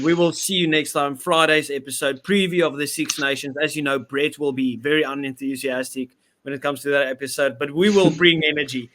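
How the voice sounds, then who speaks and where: A man's voice: on the high side, normal speed, fairly bright tone, slight background noise. A man with a South African accent hosting a casual rugby podcast, upbeat as he signs off the show. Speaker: podcast host. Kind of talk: casual chat.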